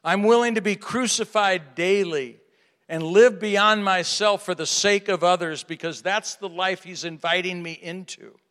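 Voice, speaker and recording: A man preaching a sermon to a live audience, asking rhetorical questions and swinging from hushed to loud. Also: high voice, unhurried. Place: large hall with an audience. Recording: reverberant hall.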